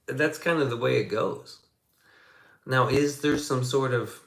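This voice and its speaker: A man's voice: mid-range voice, echoey room. A man chatting casually on his livestream, swearing a lot and rambling through stories. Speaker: streamer.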